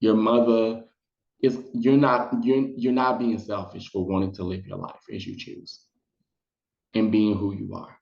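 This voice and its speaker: This storytime vlogger speaks unhurriedly, his voice touched with vocal fry, as he relays a personal story in relaxed vlog fashion. He animatedly performs quoted lines in high voices, captured on roomy, dull lo-fi audio.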